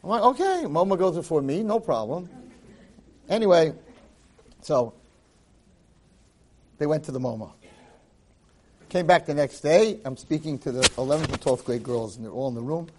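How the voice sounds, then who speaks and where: A man, a rabbi, giving a lively Torah class, acting out quotes and dropping Hebrew phrases into his English. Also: on the high side, moderate pace, pauses often. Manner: animated, acts out quotes and shouts for emphasis. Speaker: rabbi and teacher.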